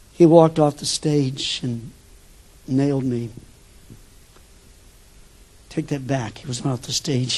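An older man preaching a sermon as a pastor, telling stories with sudden shifts between loud bursts and hushed asides. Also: medium pitch, husky.

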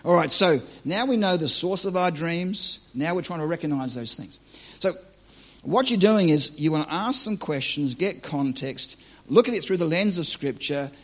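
Man, joking conversational preacher, husky tone, a little high-pitched. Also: lively intonation, moderate pace. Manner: joking, conversational, self-deprecating. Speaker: preacher teaching on dream interpretation. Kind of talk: live church teaching to an audience.

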